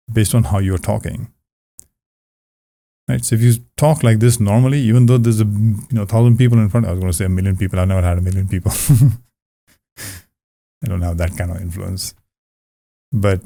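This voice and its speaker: A man coaching on communication skills, talking calmly to the camera in a relaxed, conversational way with frequent restarts. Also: lowish voice, dry recording. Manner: calm, conversational, many restarts. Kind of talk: casual talk to camera. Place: indoors, close to camera. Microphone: camera about two arm lengths away.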